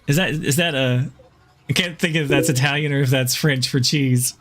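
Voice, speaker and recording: A man's voice: medium pitch, steady tone, brisk, fairly bright tone, a little hiss or hum. A man from the American South with no Southern accent, casually rambling and chuckling as he chats during a game stream. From Southern United States. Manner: rambling, chuckles often, many fillers. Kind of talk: casual gaming stream chat.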